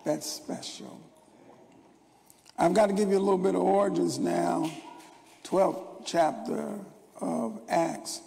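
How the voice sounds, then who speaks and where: Gravelly older preacher in a reverberant hall. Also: male voice, high-pitched, fairly even intonation, slow pace, pauses often, warm tone, slight background noise. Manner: rambling storytelling with stammered restarts. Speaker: pastor. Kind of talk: sermon. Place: church sanctuary. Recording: long church hall reverb.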